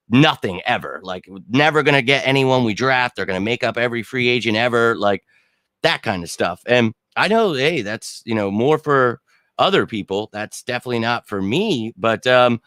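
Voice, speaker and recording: A man's voice: mid-range voice, fairly bright tone, no echo. A young man hosting a casual livestream chat, rambling and blunt, swearing casually. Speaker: sports channel host.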